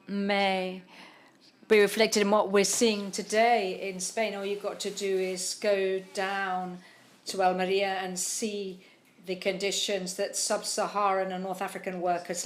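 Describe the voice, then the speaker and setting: A woman's voice: medium pitch, little pitch movement, a little slow. Woman novelist, panel guest; thoughtful, word-searching delivery. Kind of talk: public literary conversation.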